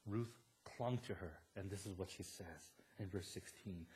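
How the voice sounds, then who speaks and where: A man preaching a sermon as a pastor in a church. He retells a Bible story in a lively way and acts out the characters' words in a raised voice. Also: low voice, moderate pace, few pauses. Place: church sanctuary.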